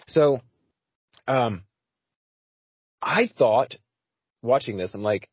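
A man's voice: mid-range voice, expressive, moderate pace, long pauses, slightly rough, dry recording. A man hosting a casual podcast chat, talking with frequent fillers and restarts. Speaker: podcast host. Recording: dry, slightly dull audio.

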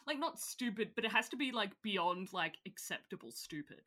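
A woman's voice: mid-range voice, lively intonation, normal speed, sharp tone. A woman with an Australian accent, co-hosting a casual podcast, chatty and giggly with lots of filler words. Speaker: podcast co-host.

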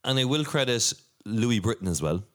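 A man's voice: medium pitch, big pitch swings, moderate pace, a bit bright. An Irish man hosting a podcast in casual chat, rambling and laughing often. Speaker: podcast host.

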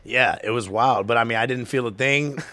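A man's voice: mid-range voice, brisk, pushed and bright, no echo. A man on a podcast telling a blunt, joking personal story in crude casual banter.

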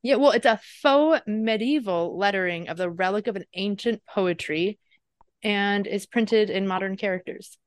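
A woman's voice: mid-range voice, moderate pace. A woman co-hosting a podcast, chatty and giggly, rambling through tangents in casual talk. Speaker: podcast co-host.

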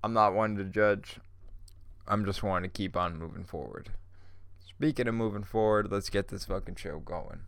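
A man's voice: on the low side, moderate pace, gravelly, a bit bright, clear, resonant tone, dry recording. A man hosting a podcast alone, stoned, rambling in a laid-back, profane way and laughing often. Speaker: podcast host.

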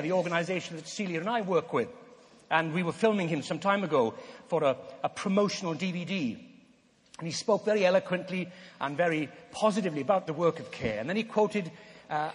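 An older man preaching a sermon, earnest and emphatic, with slow dramatic pauses. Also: high-pitched. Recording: long hall reverb.

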